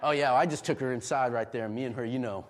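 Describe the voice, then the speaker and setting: A middle-aged male pastor preaching a sermon, moving from quiet emotional confession to loud, shouted exhortation. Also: medium pitch, fast, slight background noise.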